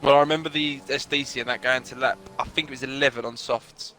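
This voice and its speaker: Laid back guy on co-comms, bright clear voice, chatty. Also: medium pitch, fairly even intonation, fast talker. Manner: casual, chatty, laughs easily. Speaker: co-commentator. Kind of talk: sim racing commentary.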